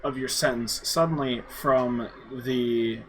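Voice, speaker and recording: A man running a tabletop game as dungeon master, narrating in a relaxed, halting way with fillers. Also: medium pitch, low-quality recording.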